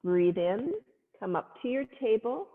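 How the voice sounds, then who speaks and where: A woman leading a family yoga class, cueing poses gently and playfully with little animal sounds. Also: on the high side, animated, unhurried. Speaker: yoga instructor. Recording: phone-like sound in a long-echo room.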